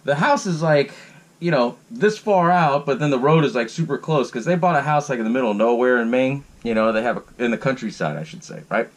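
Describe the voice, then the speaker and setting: A man's voice: mid-range voice, brisk. A man hosting his own podcast, giving a casual, rambling recap of a horror film, swearing freely and laughing between sentences. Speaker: podcast host. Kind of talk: casual solo movie recap.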